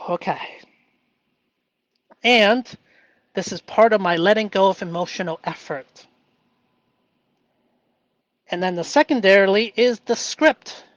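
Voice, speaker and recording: A man hosting a live stream, talking through his feelings in an earnest, halting way with many fillers. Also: high voice, expressive, no room sound. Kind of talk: emotional self-reflective live stream.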